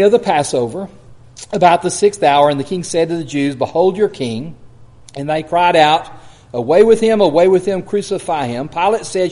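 Male preacher giving a verse-by-verse sermon, slightly raised pitch, deliberate delivery. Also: darkish tone. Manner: measured, deliberate, with slowed emphasis on quoted scripture. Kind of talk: expository Bible sermon.

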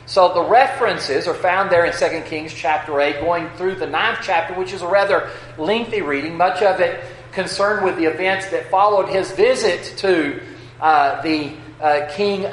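A man with a West Texas accent delivers a sermon in a church with a faint hum behind him. His voice sits a bit high and he talks in a halting, folksy way, full of fillers and restarts. The room gives every word an echo. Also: a bit bright. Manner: hesitant, many uh fillers and restarts, folksy asides. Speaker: preacher. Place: church sanctuary.

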